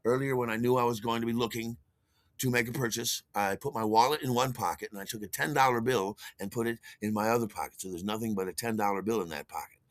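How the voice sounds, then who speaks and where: A man in his sixties, a podcast host, telling a personal story in an animated way and acting out the dialogue. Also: mid-range voice, fast, dry recording. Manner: animated, acts out dialogue with shouted outbursts.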